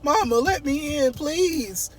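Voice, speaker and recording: A man voicing a desperate young woman who pleads in a high, repetitive voice. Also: expressive, slow pace, far from the mic, faint music behind, exaggerated voice. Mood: pleading.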